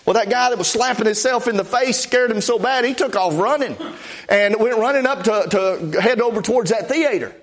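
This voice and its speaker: A man's voice: very high-pitched, fairly quick. A man preaching, telling a testimony story in a folksy way with many "I said" asides. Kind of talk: storytelling sermon.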